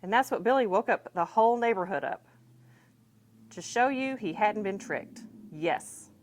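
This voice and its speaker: A woman's voice: mid-range voice, animated, normal speed, slight background noise, voice pushed up, natural voice. A woman voicing a stern scolding father. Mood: angry. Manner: firm, lecturing. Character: stern middle-aged father scolding his son.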